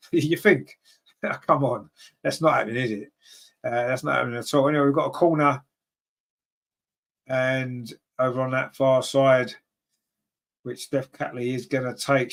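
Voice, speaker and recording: A man hosting a fan watchalong, calling a live football match and reading viewer comments. He is partisan, grumbles at team choices, and his voice climbs sharply in pitch and loudness when a chance comes. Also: vocal fry. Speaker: fan commentator and channel host.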